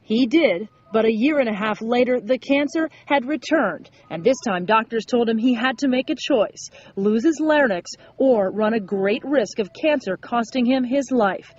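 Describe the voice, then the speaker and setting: Higher-pitched woman news reporter. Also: moderate pace, few pauses, dull audio. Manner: steady, clear delivery.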